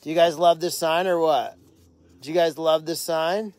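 A man's voice: a little high, steady tone, moderate pace, a little mellow. A man hosting a casual live stream outdoors at an animal sanctuary at night, talking with upbeat enthusiasm and plenty of fillers.

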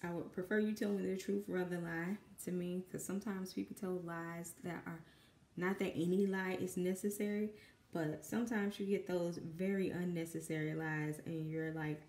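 Southern woman, low voice, dry and nervous, rambling with lots of ums, echoey home room. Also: steady tone, normal speed, a little mellow. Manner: rambling, self-conscious, many fillers. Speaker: artist and mother. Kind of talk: nervous painting vlog. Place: home room with kids in the background.

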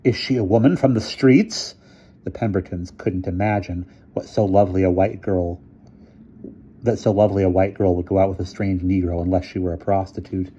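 A man reading a short story aloud in measured narration. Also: low voice, level tone, dark tone, husky. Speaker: reader. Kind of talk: scripted narration.

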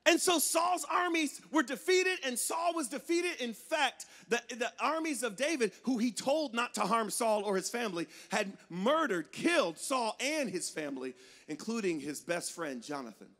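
A man preaching as a guest speaker, telling a lively story and swinging between loud shouts and hushed lines. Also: very high voice, normal speed. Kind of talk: sermon with storytelling.

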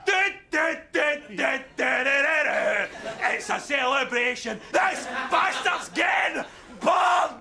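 An actor playing a Scottish man shouting insults in a comedy sketch, with a Scottish accent. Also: very high-pitched, slow pace, creaky, hardly any pauses, crowd noise, heavily acted. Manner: shouting, mocking. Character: bickering Scottish man escalating into rage.

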